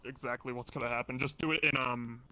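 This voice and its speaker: A man stepping out of a roleplay to ask a quick question in casual chat. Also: medium pitch, steady tone, bright, forceful tone, dry recording, low-quality recording. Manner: quick, apologetic interrupting. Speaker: roleplay player.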